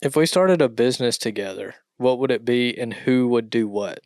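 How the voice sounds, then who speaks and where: A young man hosts a casual podcast chat and reads out questions in an easygoing way. His replies are short and relaxed. His voice sits at a middle pitch, recorded dry and close. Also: moderate pace, no echo. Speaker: podcast co-host asking questions.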